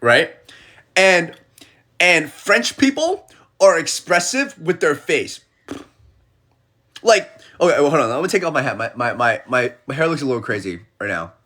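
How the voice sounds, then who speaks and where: A young man talking casually into his phone on a livestream. He tells his stories with plenty of energy, acting out the people in them, and his voice leaps up and down in pitch, sitting a little high for a man. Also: normal speed, long pauses. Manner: animated storyteller who acts out the people he quotes.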